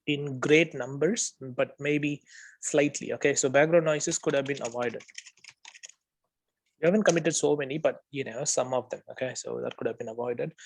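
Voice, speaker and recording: A man's voice: medium pitch, slight background noise. A man tutoring, giving spoken feedback on a student's role play. He corrects mistakes one by one, repeats the right phrase, and keeps checking in with "okay?". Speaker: OET tutor.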